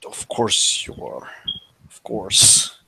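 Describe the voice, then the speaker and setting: A man playing a tabletop role-playing game, talking quietly and dryly. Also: very slow, poor audio. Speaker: player.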